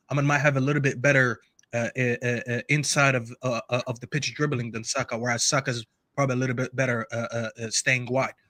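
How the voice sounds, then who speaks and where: A man's voice: medium pitch, fairly bright tone, dry recording. A man arguing football in a casual panel debate, emphatic and repetitive, often cutting in. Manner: emphatic, repeats himself, interrupts.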